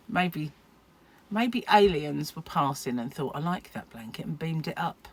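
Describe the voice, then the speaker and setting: A middle-aged woman from the UK chats casually to camera as a crochet vlogger, her voice on the high side. She rambles, pokes fun at herself and laughs often.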